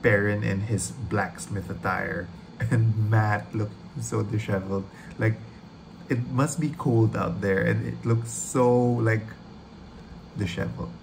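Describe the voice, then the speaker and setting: A man hosting a trailer reaction video, gushing excitedly, rambling and swearing freely. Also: lowish voice, a little slow, vocal fry, noisy background.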